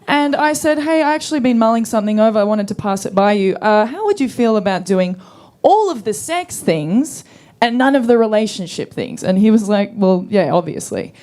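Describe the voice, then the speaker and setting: A young woman performing a stand-up comedy set, telling stories in a deadpan, sarcastic way and acting out the quotes. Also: medium pitch, normal speed.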